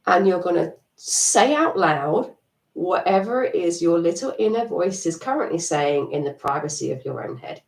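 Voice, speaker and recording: Lively, chatty woman coach. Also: on the low side, normal speed, vocal fry. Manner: chatty and encouraging, laughs at herself. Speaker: EFT tapping coach. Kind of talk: live-stream coaching talk. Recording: echoey room, distant mic.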